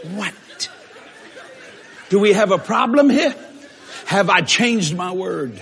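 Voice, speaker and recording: Husky male preacher, high lively voice, bright tone, long church-hall reverb, animated and jokey. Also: unhurried, some chatter behind. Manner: animated, shouting in bursts, joking, acting out quotes.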